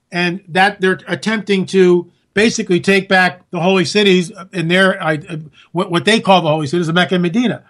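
A man's voice: high-pitched, a bit bright. A man hosting a talk show, delivering an emphatic, sarcastic political monologue full of rhetorical questions.

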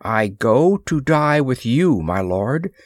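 A man voicing a young alien princess who speaks simply and calmly. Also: medium pitch, slow pace, no echo, clean studio sound, pitched above the performer's own voice. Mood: serene. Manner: simple, composed. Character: young noble alien princess, calm, devoted.

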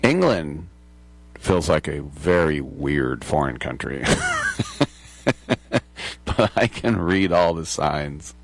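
A man's voice: a bass voice, lively intonation, slow pace, vocal fry, pauses often, no room sound. An American man in his sixties hosting a sports talk radio show, rambling and joking through digressions. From United States.

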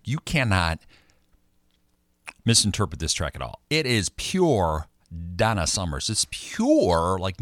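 A middle-aged American man hosting a music chart radio show, with playful, animated DJ patter. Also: no room sound, clean studio sound. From United States. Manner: animated, playful DJ patter with big pitch swings.

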